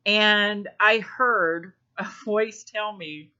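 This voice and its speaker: A woman telling a personal story in a halting way, with many ums and restarts. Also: medium pitch, bright, forceful tone. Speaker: spiritual vlogger. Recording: dull lo-fi recording.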